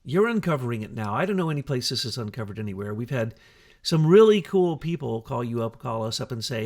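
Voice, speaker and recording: Gravelly, animated man. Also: mid-range voice, a little fast. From United States. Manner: animated, emphatic, rhetorical questions. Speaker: co-host. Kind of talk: conversational talk show discussion.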